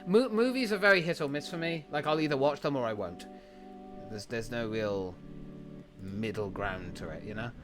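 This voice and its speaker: A man's voice: medium pitch, moderate pace. Streamer guy rambling about anime, swears a lot, bit of music behind. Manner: chatty and enthusiastic, swears freely, thinks aloud. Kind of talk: casual chat reviewing an anime list.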